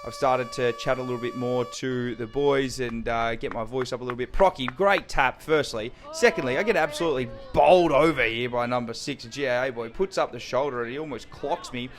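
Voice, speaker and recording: A young Australian man narrating his own football game footage in excitable, slang-heavy play-by-play. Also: mid-range voice, fairly quick, hardly any pauses. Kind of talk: mic'd-up sports commentary.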